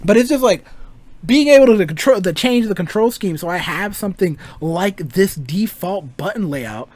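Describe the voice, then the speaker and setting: A man's voice: high voice, expressive, normal speed, a little mellow, dry recording. A young man and game designer ranting casually about video games, rambling, swearing freely and laughing often. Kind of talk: casual gaming rant.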